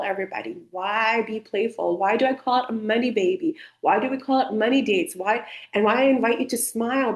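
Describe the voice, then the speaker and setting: A woman's voice: fairly high pitch, darkish tone. Playful woman coaching a group call. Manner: playful, encouraging, keeps addressing everybody. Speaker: somatic coaching instructor. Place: indoor room. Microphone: video call. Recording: roomy echo.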